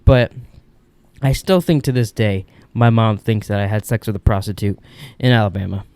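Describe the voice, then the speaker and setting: Rambling, mellow-voiced young man. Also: lowish voice, moderate pace, clean tone. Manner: rambling, candid storyteller. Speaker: podcast host. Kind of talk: casual solo monologue. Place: upstairs room at home.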